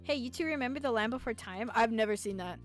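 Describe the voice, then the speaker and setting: A woman streamer with a slightly high voice reads a visual novel aloud in a playful, giggly way. She keeps breaking off to talk back to the characters and tease them. Soft game music plays faintly behind her. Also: expressive, quick pace. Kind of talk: let's play, reading a visual novel aloud.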